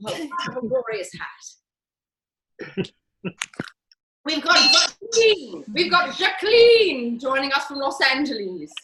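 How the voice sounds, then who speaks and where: A woman's voice: sits high, very animated, unhurried, pauses often, echoey room, very noisy. A woman playing a self-important, grandiose theatre dame who hosts a comic master class over a video call. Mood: gushing grand. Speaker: host of a live online master class. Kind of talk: comic character performance.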